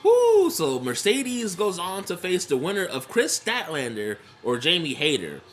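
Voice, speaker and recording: A young adult man giving casual reaction commentary, excitable, laughing often and swearing freely. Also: fairly high pitch, normal speed. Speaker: wrestling reaction vlogger.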